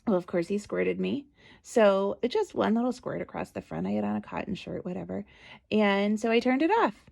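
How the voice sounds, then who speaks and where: Speaking at a moderate pace in an expressive, medium-pitched voice with vocal fry and a darkish tone, this podcast host and parent advocate tells a story on her casual solo show. She's chatty and conversational, full of asides, recorded at home on a close mic.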